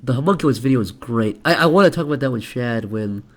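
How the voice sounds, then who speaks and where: A man's voice: mid-range voice, animated, fast. Joking male streamer reading donations. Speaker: streamer host. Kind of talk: casual live stream chat.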